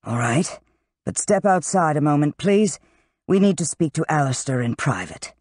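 A narrator doing a calm, firm female dean. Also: mid-range voice, moderate pace, no room sound, clean studio sound, lightly acted. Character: firm woman, school dean.

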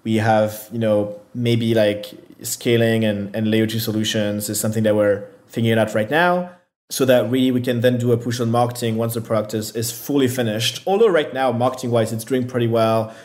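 A man's voice: mid-range voice, brisk, a little mellow. A man, a startup founder being interviewed, answering casually with lots of fillers and restarts. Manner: hesitant, filler-heavy, self-deprecating.

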